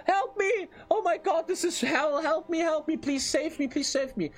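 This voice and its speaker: A man putting on the high, frantic voice of a captive young woman begging for rescue. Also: normal speed. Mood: desperate. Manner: shrill pleading falsetto.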